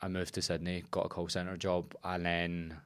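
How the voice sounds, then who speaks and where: Low-voiced Northern Irish man, dry sound. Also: completely flat delivery, moderate pace, a bit bright, clear, resonant tone, no echo. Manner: swearing, storytelling, laughing. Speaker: podcast host and coach. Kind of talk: casual podcast chat.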